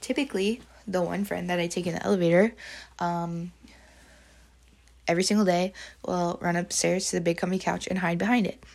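A woman teacher speaks in a rambling, confessional diary talk, full of fillers as she works through her feelings. Her voice sits a little low and is edged with strong vocal fry. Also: steady tone, fairly quick, darkish tone. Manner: emotional, confessional.

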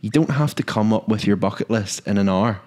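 A man hosting a casual podcast chat, joking and chatty. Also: lowish voice. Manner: lively, joking, quick asides. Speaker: podcast host.

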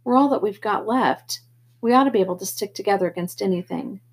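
A woman reading the part of a gentle teenage boy who keeps the peace between his brothers, earnest and pleading, in a breathy voice. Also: quick pace, close to an everyday voice. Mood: tearful. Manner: earnest, pleading, a bit higher and louder than her narration. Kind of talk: audiobook character reading.

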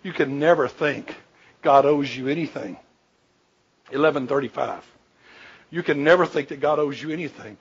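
A man's voice: fairly high pitch, fairly quick, slightly rough. A man preaching a sermon in a folksy, humorous, emphatic way. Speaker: pastor. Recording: dull lo-fi recording.

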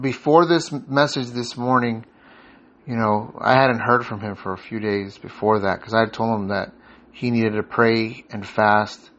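A man hosting a podcast, telling a personal faith story in an earnest, rambling way with many fillers and restarts, growing animated as he retells his own thoughts. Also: mid-range voice. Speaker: podcast host. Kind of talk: casual spiritual storytelling.

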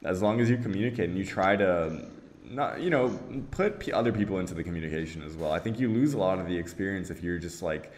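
Brief: very low-voiced guy in his twenties, laid-back chat full of "you know". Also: quick pace, hardly any pauses, a little hiss or hum. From Brazil. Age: 20s. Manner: relaxed, peppered with "you know" and "like". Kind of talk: casual chat.

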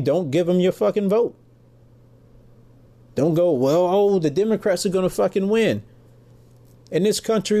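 A middle-aged podcast host from the United States delivers a furious, emphatic political rant packed with swearing. He speaks in a mellow, medium-pitched voice.

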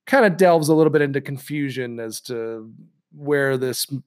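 A man's voice: mid-range voice, moderate pace, darkish tone. A man co-hosting a podcast in casual chat, rambling and breaking off his own sentences with a joking tone. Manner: rambling, self-interrupting, jokey. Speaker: podcast co-host.

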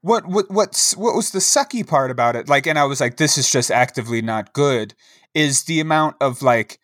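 A man's voice: medium pitch, animated, moderate pace, fairly bright tone, dry recording, clean studio sound. A man co-hosting a podcast, telling a rambling story in casual chat with lots of fillers and a wry tone. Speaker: podcast co-host.

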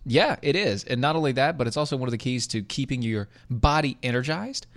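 A male podcast co-host talking in loose, rambling casual chat, stumbling through restarts and dropping sarcastic asides. His voice sits at an ordinary pitch, recorded close with no room sound. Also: lively intonation, fairly quick, no echo.

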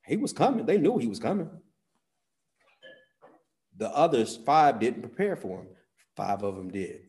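A pastor preaching a sermon, folksy with "y'all", swinging between loud bursts and hushed asides. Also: male voice, lowish voice. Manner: folksy talk with "y'all" and "ain't".

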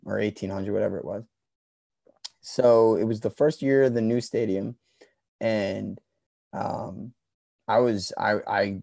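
A young man telling a story in a loose, profane way, mumbling at times and then breaking into shouts. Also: fairly low pitch, gravelly, breathy edge, dry recording. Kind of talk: casual storytelling.

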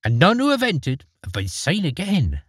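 A man voicing a sharp-tongued middle-aged landlady in a storybook reading, in a raised, fussy voice. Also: sits low, huge pitch swings, normal speed, breathy edge, no echo, clean studio sound, voice pushed up, full character voice. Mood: ominous. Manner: tart, correcting, fussy.

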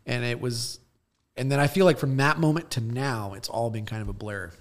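A young man talking casually on a podcast, telling a long, rambling story. He swears freely and keeps circling back with fillers. His voice sits at an ordinary, mid-range pitch for a man. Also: brisk. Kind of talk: casual chat.

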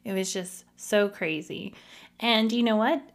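Woman podcast host, casual confessional storytelling, emotional and open, mid pitch. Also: fairly even intonation, measured pace.

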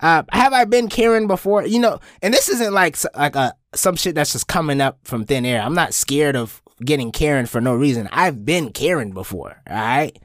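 A young man hosting his own podcast, telling a story in a casual, profane way and jumping into high-pitched bits. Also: animated, normal speed, few pauses, fairly bright tone, no echo, studio quality. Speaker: podcast host.

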